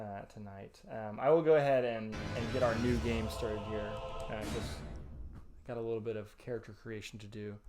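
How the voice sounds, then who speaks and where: A man of middle pitch hosts a live game stream, chatting casually and rambling between ums and restarts. Faint game music hums in the background. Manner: chatty and rambling, with many ums and self-corrections. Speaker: streamer and host.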